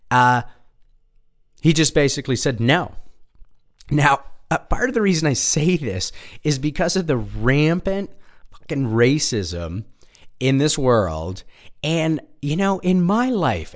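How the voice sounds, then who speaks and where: A man telling personal stories in a loose, rambling monologue, full of fillers, asides and swearing. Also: medium pitch. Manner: rambling, animated, many fillers and asides, profane. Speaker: storyteller. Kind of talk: casual storytelling monologue.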